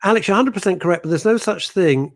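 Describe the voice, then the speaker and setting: A man's voice: high voice, fast, slight background noise. A man hosting a radio show, blunt and jokey as he reads out listener messages. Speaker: radio host. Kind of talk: casual radio chat.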